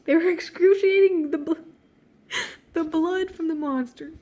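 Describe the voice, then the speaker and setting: A woman's voice: very high voice, a little slow, mellow, dull audio. A woman reading her own childhood story aloud, breaking off to mock it in a slangy, giggly way. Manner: giggly, slangy and self-mocking; easily distracted, breaks off mid-sentence. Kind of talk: reading aloud with joking commentary.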